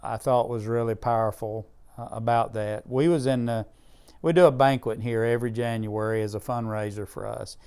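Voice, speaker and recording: Guy, middle-aged, earnest storyteller in an interview, smooth resonant voice. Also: mid-range voice, fairly even intonation, normal speed, hardly any pauses, a little mellow. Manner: earnest, emotional storyteller with Southern grammar. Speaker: disaster relief charity leader.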